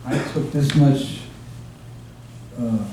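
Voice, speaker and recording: A man giving an informal devotional remembrance talk, halting often with fillers and restarts as he recalls stories. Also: medium pitch, steady tone, warm tone. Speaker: guest speaker. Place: devotees' home, recorded from across a room. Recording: echoey room from far off, faint hiss.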